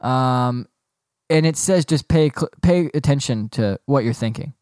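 A man's voice: mid-range voice, a little slow, a little mellow, no echo, clean studio sound. A young man hosting a solo podcast, rambling and sarcastic as he rants about things he finds dumb. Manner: rambling, sarcastic, breaks into giggling fits. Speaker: podcast host. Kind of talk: casual solo podcast rant.

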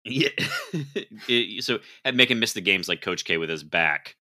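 A man's voice: deep voice, animated, moderate pace, sharp tone. A man co-hosting a casual sports podcast, reading out listener questions with wry, laughing one-line answers.

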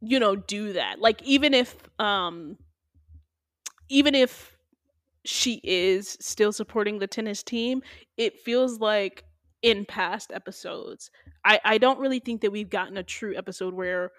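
In casual TV recap chat, a young woman hosting a podcast walks through an episode with animated, playful, slang-heavy delivery. She speaks unhurriedly in a mid-range voice, with clean studio sound and no room sound.

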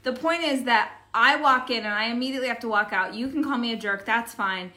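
A woman in her thirties co-hosting a casual chat, telling a story with animated voices. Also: a little high, a little fast. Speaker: podcast co-host.

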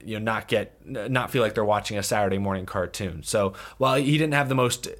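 A man's voice: on the low side, a little fast, a bit bright. A man co-hosting a casual film review chat, rambling and hesitant, with many fillers and restarts. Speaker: podcast co-host.

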